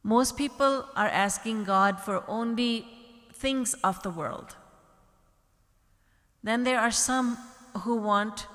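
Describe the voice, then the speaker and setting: A woman's voice: medium pitch, fairly bright tone. A woman spiritual teacher giving an earnest devotional discourse, full of rhetorical questions. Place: large retreat hall. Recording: long reverb from a large hall.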